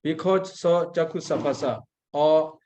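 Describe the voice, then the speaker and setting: Burmese monk teacher, slightly high voice. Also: male voice, mellow, a little hiss or hum. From Myanmar. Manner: halting, searches for English words, chants Pali passages then explains. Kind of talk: Abhidhamma lecture.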